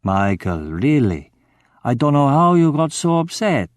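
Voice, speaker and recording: A man voicing a calm, wary male gangster who speaks quietly and placatingly in an audiobook. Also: medium pitch, a little slow, no echo, studio quality.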